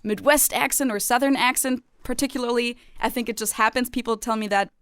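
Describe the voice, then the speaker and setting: A woman's voice: on the high side, fairly quick, fairly bright tone, clear, resonant tone, no echo, clean studio sound. A young woman from Germany with a light German accent, chatting casually as a podcast co-host and laughing at herself often. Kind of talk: casual chat.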